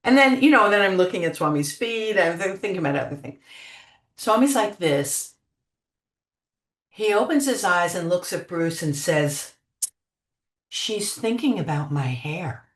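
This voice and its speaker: An older woman telling spiritual memories as an interview guest, gentle and unhurried, trailing off with many fillers. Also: on the low side, expressive. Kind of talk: reflective spiritual storytelling. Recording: echoey room.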